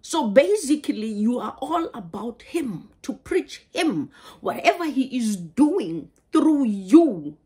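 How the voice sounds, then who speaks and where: Woman preaching real slow, husky voice, stops and repeats herself a lot. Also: on the high side, very animated, warm tone. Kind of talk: sermon.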